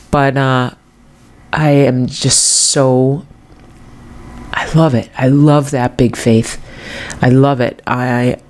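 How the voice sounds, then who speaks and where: A woman in her fifties hosting her own podcast, rambling heartfelt and halting about faith, often restarting her sentences. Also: a bass voice. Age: 50s. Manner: religious encouragement. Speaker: podcast host. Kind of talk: reflective faith-centered monologue. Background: dog barking at times.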